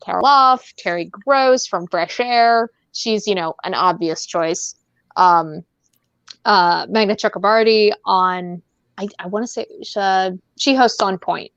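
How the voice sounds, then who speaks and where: A woman hosts a relaxed podcast chat, wandering between thoughts with plenty of ums and easy laughter. Her voice sits at an ordinary pitch, and the sound is dull and dry. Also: slow, smooth, no echo. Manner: rambling, laughs often, many fillers. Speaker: podcast host.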